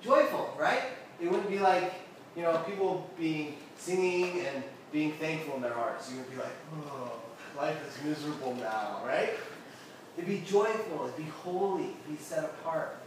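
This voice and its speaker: Youth preacher, male, high voice, chatty and interactive, recorded from afar in a very echoey room. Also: expressive, moderate pace, noisy background. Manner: constantly checks in with the listeners. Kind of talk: casual interactive sermon. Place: air-conditioned room with a group. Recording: very echoey room, mic far off.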